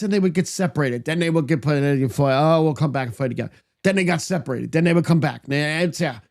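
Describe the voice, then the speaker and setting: A podcast co-host who recaps bluntly in casual chat. The voice swings widely up and down in pitch, with a mid-range center. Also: darkish tone.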